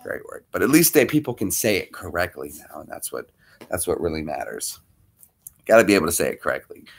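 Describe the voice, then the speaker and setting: A man's voice: low-pitched, very animated, fairly quick, gravelly, slightly rough. A man hosting a casual livestream, greeting viewers by name and talking to his dog between topics. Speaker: livestream host.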